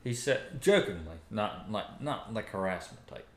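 A man from the Eastern Shore of Maryland co-hosting a podcast, telling stories in a casual, animated way and laughing often. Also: fairly low pitch, measured pace, background noise. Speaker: podcast co-host. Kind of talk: casual chat. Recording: roomy room echo.

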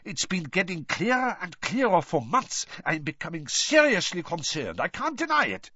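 A man voicing a nervous headmaster who speaks in an anxious, hushed, urgent way. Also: high voice, very animated, normal speed, breathy edge, dry recording, muffled recording, pitched above the performer's own voice, full character voice.

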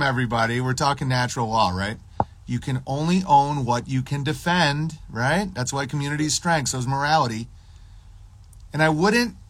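A man streaming, ranting in a profane, sarcastic way with deadpan absurd riffs. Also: mid-range voice.

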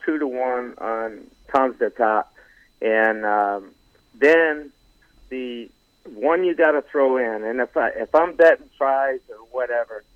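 A man's voice: mid-range voice, no room sound. Man on a tinny phone line. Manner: halting, lots of fillers, teasing. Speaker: horse racing analyst guest. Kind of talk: casual phone-in chat.

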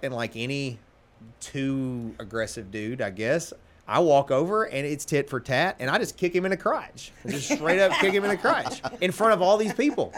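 A man in his forties, a podcast host and lawyer, chatting casually and telling stories in an animated, self-deprecating way. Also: medium pitch. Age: 40s. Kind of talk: casual chat.

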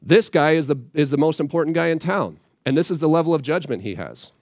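A man preaching a sermon as a conversational Bible teaching, plainspoken and casual, with animated asides. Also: fairly high pitch, fast, dry recording, clean studio sound.

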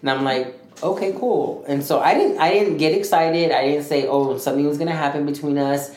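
A man co-hosting a podcast, telling a story in a rambling, animated way and acting out what others said. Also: fairly high pitch, brisk. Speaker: podcast co-host. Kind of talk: casual storytelling chat. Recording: echoey room with faint noise.

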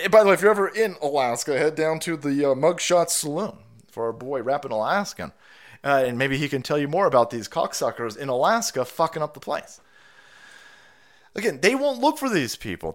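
A man ranting on a livestream, swearing freely and dripping with sarcasm. His voice sits slightly high and leaps up and down animatedly, with many restarts. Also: a bit bright. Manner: profane, heated, sarcastic rant. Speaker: livestream host. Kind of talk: ranting political commentary.

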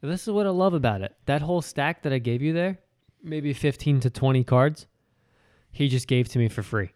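A man's voice: medium pitch, normal speed, a little mellow. A man with a New York accent, co-hosting a podcast in casual chat and laughing often. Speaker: podcast co-host.

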